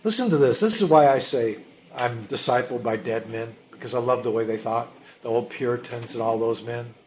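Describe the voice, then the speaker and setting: A man preaching a sermon as a pastor, emphatic, swinging between loud urgency and hushed intensity. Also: mid-range voice, brisk, a little hiss or hum.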